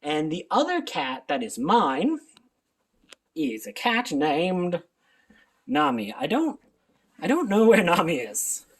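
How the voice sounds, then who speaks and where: A man's voice: high-pitched, sing-song, takes it slowly, vocal fry, pauses often. A man chatting casually in a rambling vlog, laughing often as he talks. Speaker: channel host. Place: at home.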